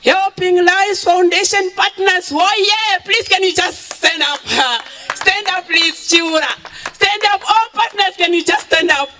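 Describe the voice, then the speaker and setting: Bright-voiced woman giving a speech. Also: very high voice, a little slow, low-quality recording. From Zimbabwe. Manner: emotional, mixing English and Shona, many thank-yous. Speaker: charity founder giving a speech. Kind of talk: public speech at an event.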